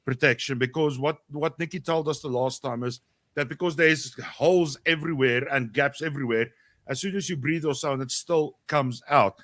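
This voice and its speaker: A man's voice: medium pitch, moderate pace, fairly bright tone, no echo. A man co-hosting a casual talk show, chatty and loose, often doubling back on his words. His voice sits mid-range, and the sound is dry and close. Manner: chatty, repeats words as he talks. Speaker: co-host. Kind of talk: casual interview chat.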